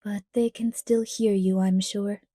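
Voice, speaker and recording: A woman reading an audiobook, voicing a pleasant-sounding man who politely threatens in a smooth tenor. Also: mid-range voice, flat delivery, measured pace, warm tone, no echo, studio quality, lightly acted. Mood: calmly menacing. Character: menacing young-sounding male villain, light and friendly.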